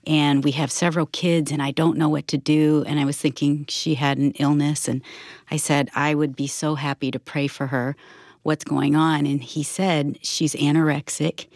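Heartfelt woman telling a story, slight fry. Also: low voice, level tone, moderate pace, darkish tone, no room sound, studio quality. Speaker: radio show co-host. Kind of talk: storytelling in conversation.

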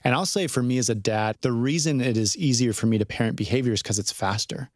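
Man, earnest preacherly delivery, mid-pitched voice, dry close sound. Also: fast talker, no echo. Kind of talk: casual faith discussion.

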